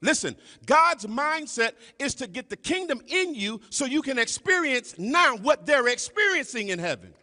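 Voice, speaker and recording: Man, pastor, preaching sermon, bright ringing voice, call-and-response, long hall reverb. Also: big pitch swings, moderate pace, few pauses. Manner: calls and responses to the congregation, repetitive "y'all"; drops to low murmurs between emphatic lines. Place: church sanctuary. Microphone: live stream.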